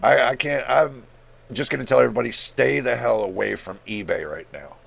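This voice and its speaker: A man's voice: mid-range voice, a little fast, creaky, fairly bright tone. A man in a casual, exasperated rant as a tech video host, blunt and incredulous, swearing freely. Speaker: tech YouTuber. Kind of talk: casual screen-share rant.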